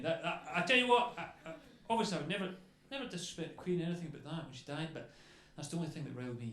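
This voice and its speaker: A young man doing stand-up comedy, telling stories in a chatty, animated way and swearing freely. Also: on the high side, fast talker, few pauses, slight background noise. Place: comedy club stage before a crowd. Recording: echoey club with crowd laughter.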